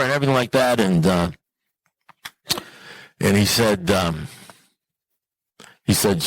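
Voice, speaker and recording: Man, lowish voice, animated, self-mocking, humorous storytelling, asks audience questions, recovery talk speaker, dry sound. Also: a little slow, pauses often, dry recording, low-quality recording. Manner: animated, self-mocking, with sudden jumps in pitch.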